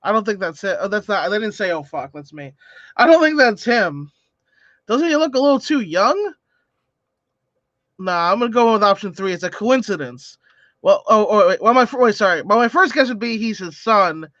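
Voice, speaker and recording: A man's voice: high-pitched, lively intonation, moderate pace, sharp tone, dry recording, highs cut off. A man co-hosting a casual live stream, chatting as he reads a comic aloud and throws in joking asides. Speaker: co-host.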